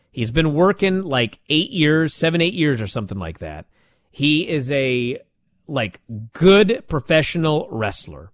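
Animated man recapping wrestling. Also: fairly high pitch, dry recording, clean studio sound. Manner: animated, sarcastic storytelling. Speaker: wrestling show reviewer. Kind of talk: casual recap commentary.

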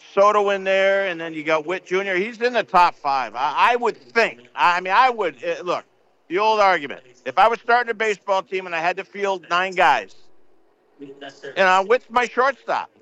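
High bright older man talking sports. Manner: rambling, repeats himself, lots of fillers. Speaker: sports radio host. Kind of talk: casual sports talk. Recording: slightly dull broadcast audio.

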